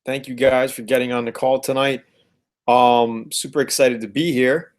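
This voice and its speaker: A man's voice: medium pitch, steady tone, moderate pace. Upbeat man hosting a live stream. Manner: upbeat, repeats words, shouts out viewers. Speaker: host of a live car-flipping webinar. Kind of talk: casual live-stream chat.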